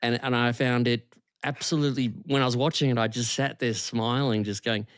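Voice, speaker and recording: A man co-hosting a podcast in casual chat, rambling and amused, with many halting restarts. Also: mid-range voice, fairly even intonation, clean tone, no echo, studio quality. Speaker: podcast co-host.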